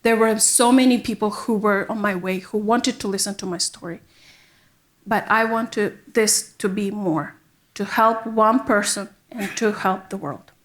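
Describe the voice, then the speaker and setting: Earnest woman from Kyrgyzstan. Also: medium pitch. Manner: earnest, emotional, halting non-native phrasing. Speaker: panel speaker. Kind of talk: personal testimony at a public event. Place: university event hall.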